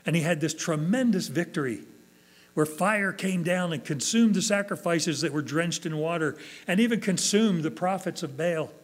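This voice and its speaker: Male pastor, sermon delivery, earnest and expressive, slightly higher pitch, faint hum. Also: moderate pace. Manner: earnest preaching, acts out quoted prayers with rising emotion.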